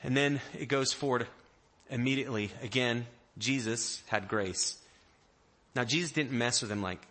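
A pastor preaching a sermon, telling the story in an animated way and acting out the people in it. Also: male voice, mid-range voice, normal speed. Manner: animated storyteller, acting out quotes in varied voices.

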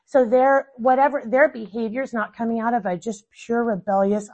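A woman in her thirties with a somewhat high, husky voice. She chats casually and animatedly as a mother, telling family stories. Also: moderate pace. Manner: animated, acts out quoted family dialogue. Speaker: mother and guest. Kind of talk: casual conversation.

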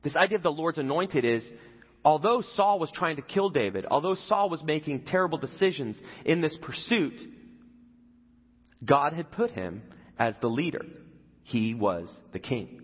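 A man's voice: a little high, big pitch swings, moderate pace, breathy edge. A man preaching a sermon in a conversational way, often putting questions to his listeners. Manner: conversational, asks the audience questions. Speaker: pastor. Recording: echoey hall, dull lo-fi.

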